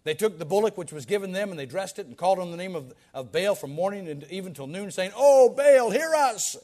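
A pastor preaching a sermon, reading Bible verses dramatically with folksy asides in between. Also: male voice, fast. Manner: dramatic Bible reading with wide swings in loudness and pitch.

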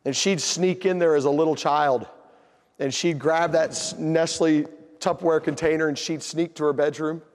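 A man telling a humorous family story in a sermon, folksy and animated. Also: a little high, big-room sound. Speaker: pastor.

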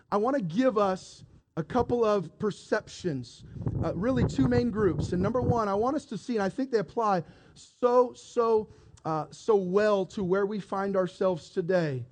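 A man preaching a sermon, retelling a story with lively acted-out voices and frequent restarts. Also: sits high, a little hiss or hum. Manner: animated storytelling, acting out characters, repeated restarts. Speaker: pastor.

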